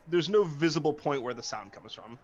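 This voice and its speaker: A man's voice: a little high, expressive, moderate pace, dull audio, a crowd in the background. A man playing a tabletop game as a player, talking casually and laughing often. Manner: casual, laughs between lines.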